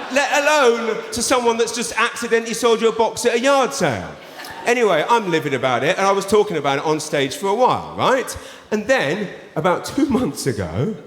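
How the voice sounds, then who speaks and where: An English stand-up comedian in his thirties tells a story with lively animation, acting out every voice in it. His voice sits a little high. The sound carries a roomy, echoing theatre reverb. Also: a little hiss or hum. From England. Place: large theatre before a laughing audience.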